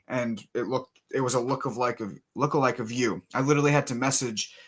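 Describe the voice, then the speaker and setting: A man hosting a casual interview, talking like an eager, excitable fan. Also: mid-range voice, fairly quick, slightly rough. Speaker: podcast host.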